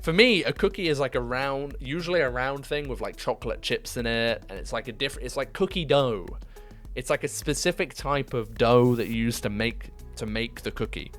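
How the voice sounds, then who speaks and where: A young British man chatting casually with viewers during a live game stream, laughing often and jumping to high-pitched disbelief. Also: a little fast, a bit bright, soft background music. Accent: British English. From United Kingdom. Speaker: livestreamer.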